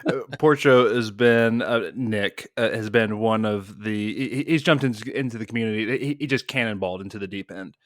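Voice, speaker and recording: A man with a Southern accent co-hosting a podcast in casual chat, friendly and halting with repeated restarts. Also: on the low side, no room sound, clean studio sound. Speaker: podcast co-host.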